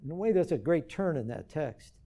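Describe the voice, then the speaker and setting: A man preaches a sermon in a fairly high, mellow voice. He is earnest and keeps turning to the congregation with rhetorical questions. He speaks as the pastor of the church. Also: lively intonation, a little fast.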